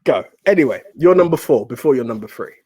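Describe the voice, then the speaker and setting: A man co-hosts a casual movie chat in an everyday voice of middle pitch. He is relaxed but hesitant, often restarting and repeating words as he works through a point. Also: fast talker, husky. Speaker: co-host of a movie podcast.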